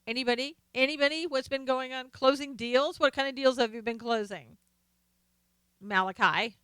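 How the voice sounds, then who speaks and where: A middle-aged woman hosting a casual live stream, chatting with viewers and reading their comments, excitable, laughing and exclaiming often. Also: on the high side, measured pace, clear, resonant tone, no echo.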